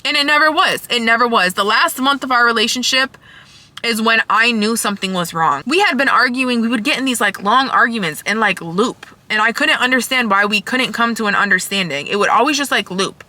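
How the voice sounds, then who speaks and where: A woman's voice: fairly high pitch, animated, brisk, bright, forceful tone. A young woman telling a storytime vlog in a heated, emphatic way, swearing freely. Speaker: vlogger.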